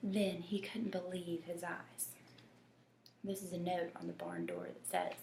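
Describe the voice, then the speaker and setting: A woman reading a children's picture book aloud, slow and gentle, often dropping to a whisper. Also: fairly low pitch, flat delivery, vocal fry. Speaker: storybook reader. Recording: echoey room with faint noise.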